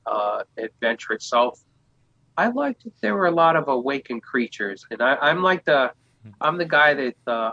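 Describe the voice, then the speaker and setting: A man chats as a guest game master, with a bright, forceful tone. He stumbles and restarts often, filling pauses. The recording is dry and lo-fi. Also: mid-range voice, dry recording. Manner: hesitant, full of fillers and restarts. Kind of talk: casual podcast chat. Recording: dull, dry lo-fi sound.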